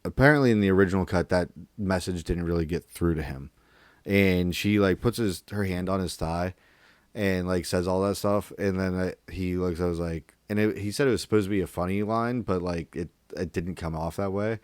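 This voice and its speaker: A man co-hosting a podcast, casually retelling film scenes in a rambling, animated way. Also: low voice, moderate pace, no echo. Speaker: podcast co-host. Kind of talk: casual movie discussion.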